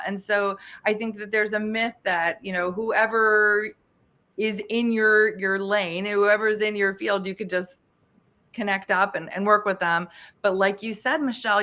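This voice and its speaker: A woman's voice: mid-range voice, sharp tone. A woman speaking as a guest in a podcast interview, talkative and emphatic with frequent restarts. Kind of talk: casual interview chat.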